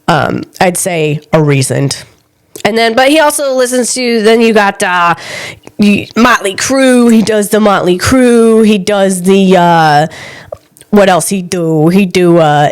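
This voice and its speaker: A woman's voice: mid-range voice, clear, resonant tone. A woman hosting a podcast on her own, chatting casually and rambling, laughing often at herself and breaking into short bits of song. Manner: rambling, self-mocking, laughs often, bursts into snatches of song. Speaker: podcast host. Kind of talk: casual solo chat.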